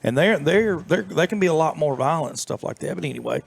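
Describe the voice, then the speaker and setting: Folksy middle-aged man, higher voice. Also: lively intonation, quick pace, gravelly, slight background noise. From southern United States. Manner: folksy, rambling, many fillers and restarts. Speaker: interview guest, former FBI agent. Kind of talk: storytelling in a casual interview.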